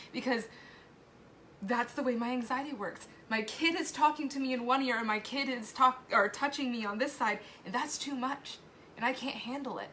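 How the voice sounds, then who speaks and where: A mother in her thirties gives an emotional confession in a live video, sharing a personal testimonial candidly and tearfully, swearing and laughing between sentences. Her voice is a little high and sharp, with slight background noise.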